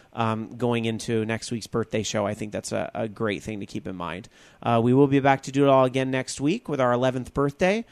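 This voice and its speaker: A man's voice: mid-range voice, smooth, no echo. A man hosting a podcast, wrapping up the show in a casual, rambling way with many fillers. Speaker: podcast host.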